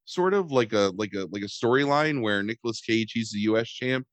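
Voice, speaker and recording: A podcast host with a lowish voice talks fairly quickly about a movie in casual chat, with no echo. Rambling and sarcastic, he swears and leans on "um" and "like" to fill gaps.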